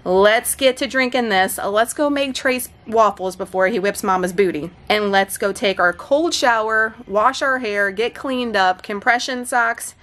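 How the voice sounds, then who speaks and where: A woman's voice: a little high, measured pace, hardly any pauses, a bit bright. A woman in her thirties vlogging from home, chatting straight to her followers in an emotional, effusive way. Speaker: fitness and keto vlogger. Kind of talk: casual vlog chat.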